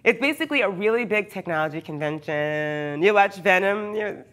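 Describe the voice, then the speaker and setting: A woman's voice: mid-range voice, animated, normal speed, a bit bright. A hyper, chatty woman who often laughs, talking casually with her live viewers from her workshop. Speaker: cosplayer streaming live. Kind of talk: casual livestream chat with viewers.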